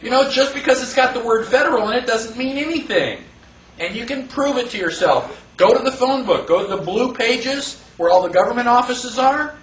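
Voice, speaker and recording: An animated man with a high voice lectures a class, firing rhetorical questions at the room and acting out the voices of the people he quotes. He is recorded from far off in an echoey classroom. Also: normal speed, a little hiss or hum. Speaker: teacher.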